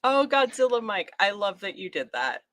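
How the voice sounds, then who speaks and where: Bright, animated woman co-hosting a stream. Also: mid-range voice, moderate pace. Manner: enthusiastic, giggly, gushing praise. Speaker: co-host. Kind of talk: casual live-stream chat.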